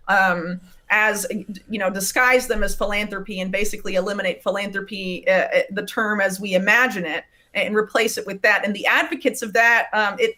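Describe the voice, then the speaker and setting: Bright-voiced woman explaining in detail. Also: medium pitch. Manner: detailed, fact-heavy explaining with frequent uhs and ums. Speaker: investigative writer, interview guest. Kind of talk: remote interview.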